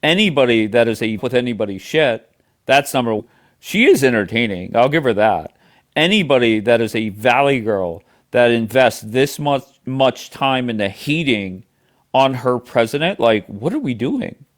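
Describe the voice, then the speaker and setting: A man's voice: mid-range voice, big pitch swings, normal speed. Profane, combative man hosting a livestream. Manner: profane, combative, talks over others. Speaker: livestream host. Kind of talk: heated livestream argument.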